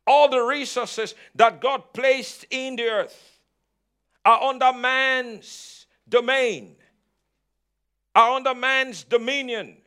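A man preaching with a strikingly high voice, pressing each point through repetition. He leads his listeners in call-and-response, driving the sermon forward with firm conviction. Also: steady tone, takes it slowly, pushed and bright, clear, resonant tone. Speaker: pastor. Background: congregation answering amen.

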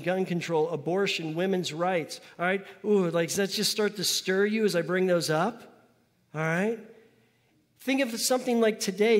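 Guy pastor giving a sermon in church, casual talky style, gets folks to say stuff back, long echo tail. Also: high-pitched. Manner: conversational, asks the congregation to repeat after him. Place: church sanctuary. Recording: long hall reverb.

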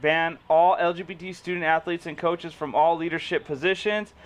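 A young man talking in a relaxed, joking way, with a voice that sits a bit high for a man. He reads web pages aloud to a friend with loose asides and lots of "dude" and "bro.". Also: moderate pace. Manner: laid-back, joking, says dude and bro. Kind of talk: casual chat, reading web pages aloud.

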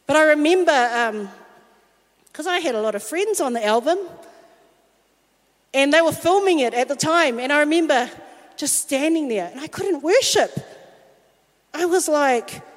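A woman giving a personal testimony sermon, telling her story in a lively way and acting out the voices she quotes. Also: high-pitched, measured pace, pauses often. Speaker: worship singer and speaker. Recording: long reverb of a large hall.

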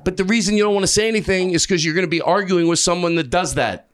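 A man doing improvised stand-up comedy on a club stage, rambling, self-mocking and profane, high on an edible. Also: quick pace.

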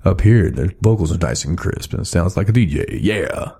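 Laid-back podcast host, low and dark. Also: male voice, animated, moderate pace, gravelly, husky. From Texas. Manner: rambling, laid-back, laughs often. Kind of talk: casual chat. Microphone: studio microphone.

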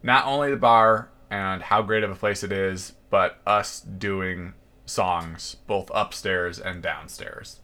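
A man co-hosting a podcast, talking in a relaxed, hesitant way. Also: sits low, takes it slowly. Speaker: podcast co-host. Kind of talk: casual chat.

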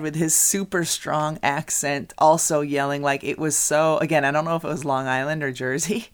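A middle-aged woman with a very deep voice co-hosts a podcast and coaches youth basketball. Speaking at a moderate pace in casual chat, she tells stories animatedly, laughing often and restarting a lot.

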